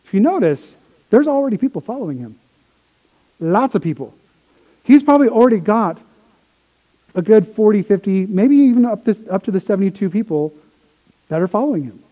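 A man preaching a sermon, swinging from quiet explanation to excited retellings of the crowd. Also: sits high, a little fast, long pauses, narrow, tinny audio. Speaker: pastor.

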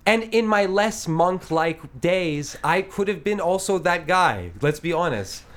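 A man's voice: high voice, expressive, a little slow, a bit bright. A man in his thirties hosting a casual podcast chat, telling rambling stories broken up by laughs. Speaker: podcast host.

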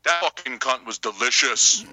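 A man's voice: medium pitch, moderate pace, a crowd in the background, poor audio. A man co-hosting a podcast, talking in crude, teasing, profane banter with his friends. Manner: loud, teasing, profane, animated. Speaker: podcast co-host.

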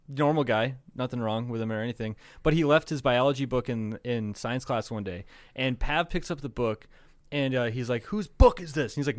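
A man's voice: mid-range voice, clear, resonant tone, no echo, clean studio sound. A man co-hosting a podcast, telling rambling stories in casual chat, swearing and laughing often. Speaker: podcast co-host.

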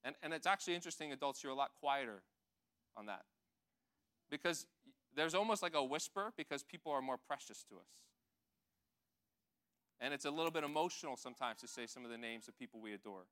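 A man giving a gentle, conversational sermon, talking to the children and the adults in the congregation. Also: mid-range voice, animated, fairly quick, long pauses. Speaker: pastor. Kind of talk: children's sermon with audience participation.

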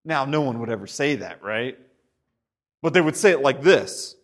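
A man preaching a sermon with animated delivery, stumbling over repeated words and often asking "right?". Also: mid-range voice, normal speed. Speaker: pastor.

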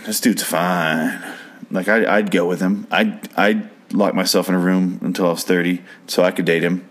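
A man casually recapping a show's episode, profane and incredulous, prone to rambling rants. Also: fairly low pitch.

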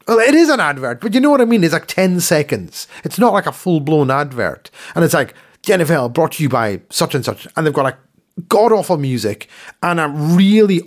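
Male podcast co-host, higher register, casual ranting chat. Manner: ranting, repeats words when worked up.

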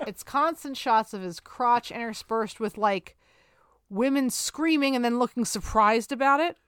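A woman's voice: fairly high pitch, a little slow, fairly bright tone, clear, resonant tone, no echo, clean studio sound. A woman co-hosting a podcast, chatting casually about a movie and agreeing often. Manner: agreeable, many short backchannels. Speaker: podcast co-host. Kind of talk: casual film discussion.

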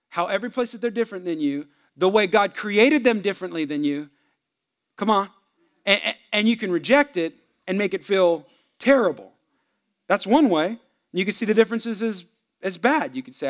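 A man preaching a sermon on marriage to a congregation, swinging between loud animated stretches and hushed asides. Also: sits high, fairly quick. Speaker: pastor.

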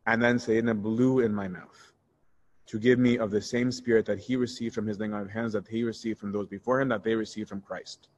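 A priest teaching a Bible study in a candid, conversational way, answering questions and telling personal stories. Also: male voice, lowish voice, fairly quick, lo-fi sound. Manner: candid and conversational, shifts into animated retelling.

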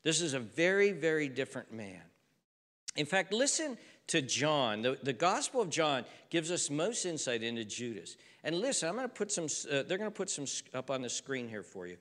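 Earnest preacher in a reverberant hall. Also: male voice, fairly high pitch, big pitch swings, moderate pace, fairly bright tone. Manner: earnest, conversational, repeats for emphasis. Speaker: pastor. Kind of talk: sermon.

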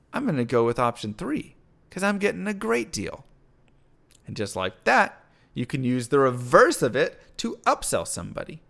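Male presenter with a bright, lively voice, explaining and acting out shoppers' thoughts. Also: a little high. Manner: acts out shoppers' thoughts in quoted asides; mentions his own book. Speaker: speaker explaining pricing psychology. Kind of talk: animated explanatory talk.

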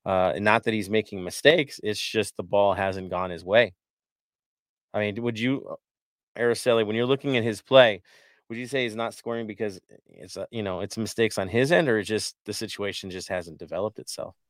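A man with a fairly low voice hosts a casual sports talk show. He rambles, restarts his sentences and leans on fillers as he hands questions to his panel. The sound is dry and close to the mic. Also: fairly even intonation, normal speed, no room sound. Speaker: podcast host.

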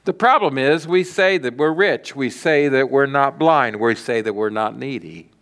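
A middle-aged man preaching a sermon as pastor, telling stories dramatically and swinging from loud declarations to hushed lines. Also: mid-range voice, normal speed.

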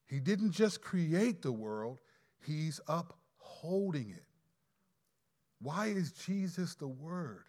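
A man preaching a sermon, emphatic, with sudden loud stresses and slowed key phrases. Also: fairly high pitch, big pitch swings.

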